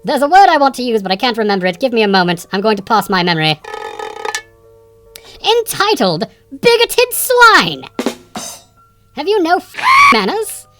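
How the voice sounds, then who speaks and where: A man voicing a pompous puppet word expert who hosts a comedy segment, sarcastic and quick to indignant rants. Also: high voice, lively intonation, fairly bright tone, faint music behind. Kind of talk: sketch comedy monologue.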